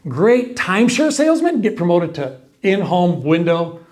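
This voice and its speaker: A man with a Texan accent, a window company owner, talking casually to camera and acting out salesmen's pitches in quoted voices. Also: very animated, moderate pace.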